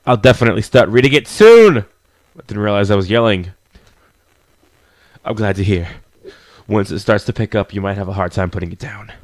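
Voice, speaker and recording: A man reading a visual novel aloud as a let's player, adding quick asides between the narration. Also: fairly low pitch, flat delivery, no echo.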